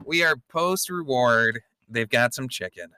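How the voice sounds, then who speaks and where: A man's voice: mid-range voice, expressive, unhurried, pushed and bright, clear, resonant tone, no echo, studio quality. A man co-hosting a podcast, chatting casually and joking, sometimes reading an article aloud. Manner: playful, jokey, reads articles aloud. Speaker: podcast co-host. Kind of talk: casual chat.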